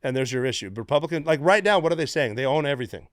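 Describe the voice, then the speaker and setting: A middle-aged man from the United States, a former Navy SEAL guest telling stories in a casual, profane, animated way. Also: medium pitch, rapid-fire, clean tone, dry recording, clean studio sound. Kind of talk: casual storytelling.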